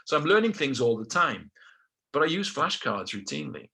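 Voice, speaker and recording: Bright-voiced British man telling stories. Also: mid-range voice, a little fast. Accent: British English. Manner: animated, acts out quotes, self-deprecating asides. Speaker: guest telling his life story. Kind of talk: casual storytelling.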